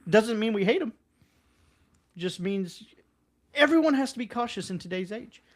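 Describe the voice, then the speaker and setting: A man co-hosting a casual podcast, talking bluntly and conversationally, jumping up in pitch when he quotes others. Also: expressive, moderate pace. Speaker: podcast co-host. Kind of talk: casual political podcast chat.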